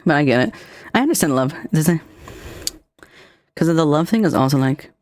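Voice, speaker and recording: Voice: mid-range voice, animated, a little mellow, dry recording. Hyped streamer in casual chat, curses a lot, mid voice, super dry mic. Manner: enthusiastic, swears, drawn-out delivery.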